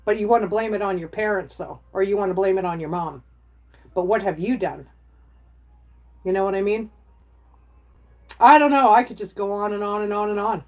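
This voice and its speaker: A woman's voice: medium pitch, normal speed, pauses often. A middle-aged woman chatting casually on a livestream, rambling from topic to topic and reacting to viewer comments.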